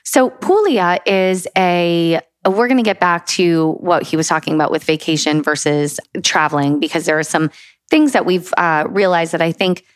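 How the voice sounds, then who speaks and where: Lower-voiced woman in dry close chat. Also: moderate pace, dry recording. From United States. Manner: laughs easily, steers the talk back on track. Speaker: co-host. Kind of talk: casual travel chat.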